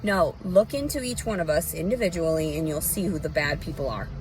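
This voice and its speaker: A woman's voice: low-pitched, brisk, a little mellow, poor audio. A woman with a Southern US accent ranting bitterly and profanely in a rambling, unscripted monologue. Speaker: vlogger. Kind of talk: unscripted personal rant.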